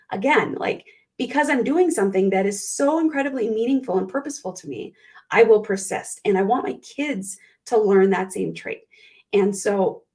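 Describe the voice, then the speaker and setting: A woman with a fairly high voice speaks as a guest coach in a casual interview. She tells heartfelt stories in an animated way and clears her throat now and then. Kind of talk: conversational interview.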